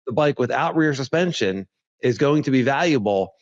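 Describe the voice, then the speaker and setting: Male co-host, lively and chatty, dry lo-fi mic sound. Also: mid-range voice, moderate pace, no echo. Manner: animated, laughs often, repeats himself. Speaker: podcast co-host. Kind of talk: casual chat.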